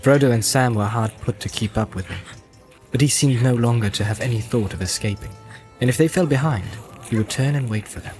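A man reading a story aloud in an even, measured way. His voice sits in an ordinary middle register as he narrates the scene calmly. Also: medium pitch, faint music behind. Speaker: audiobook narrator. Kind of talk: scripted narration.

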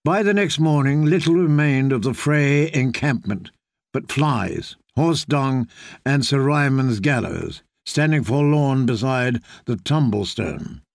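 Gravelly-voiced man narrating an audiobook. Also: mid-range voice, lively intonation, slow, no echo, studio quality.

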